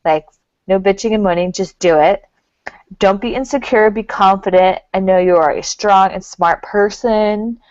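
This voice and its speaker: A woman's voice: medium pitch, moderate pace, darkish tone, no room sound. A woman co-hosting a casual talk show as the psychic, chatty and giggly. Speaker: co-host, psychic. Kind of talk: casual chat. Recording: dull lo-fi sound.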